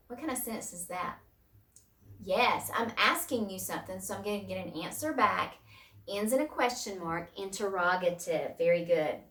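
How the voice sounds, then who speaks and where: A woman's voice: medium pitch, animated, moderate pace, fairly bright tone. A woman teacher giving a recorded distance-learning lesson who talks patiently and repeats her key points. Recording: roomy sound from a distance.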